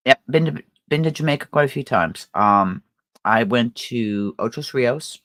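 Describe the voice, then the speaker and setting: A woman's voice: extremely low pitch, animated, measured pace, no echo. An older woman hosting a crafting livestream, chatting casually and rambling with fillers and laughter. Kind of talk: casual chat.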